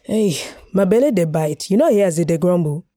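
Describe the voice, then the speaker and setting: A woman's voice: lowish voice, lively intonation, fairly quick, dark tone, no echo, clean studio sound. Woman putting on a blunt party guest. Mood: probing. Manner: blunt, probing questions. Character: suspicious, sly Cameroonian woman at a party. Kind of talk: short story reading.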